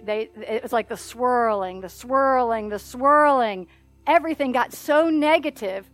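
Her voice a little high, a middle-aged minister recounts a story in her sermon with plenty of animation, often laughing while she performs the characters' voices.

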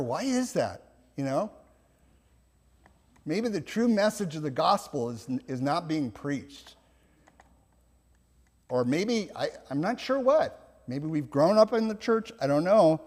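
A male pastor preaching a sermon in a church, reflective and gentle, with soft laughs and restarts. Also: fairly high pitch, big pitch swings, unhurried, pauses often, in a large hall.

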